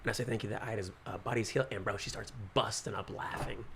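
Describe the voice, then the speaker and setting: A man, a pastor, telling a story in casual podcast chat, animated, acting out the quotes and saying "bro" often. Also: lowish voice, fast talker, background noise.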